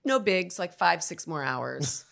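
A woman with a low voice and a gravelly edge talks as a podcast guest. She tells her story candidly and with animation. The delivery is loose and conversational, like unscripted chat. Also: expressive, unhurried, fairly bright tone. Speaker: actor guest.

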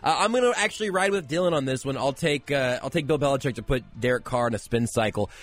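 A man appearing as a guest on a sports talk show, trading quick jokes and picks. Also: medium pitch, soft background music. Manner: joking, quick-witted. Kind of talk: casual sports banter.

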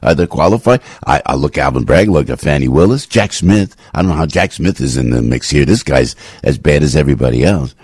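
Low, husky talk radio host. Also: male voice, expressive, a little fast, few pauses, darkish tone, no room sound. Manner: rambling, impassioned, frequent restarts and sudden pitch jumps. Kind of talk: opinionated talk radio monologue.

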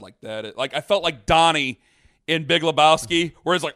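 A man casually telling a long story on a podcast, rambling and animated, with many restarts. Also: a little high, a little fast. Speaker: podcast host.

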